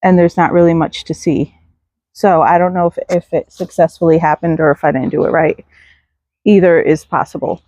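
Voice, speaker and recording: A woman's voice: on the low side, fairly even intonation, normal speed, dark tone, no echo. Lady rambling thru her garden, talks to the seedlings, dry close mic. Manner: chatty, self-deprecating, talks to viewers and plants. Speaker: garden vlogger. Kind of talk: casual garden tour walkthrough. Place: outdoor garden.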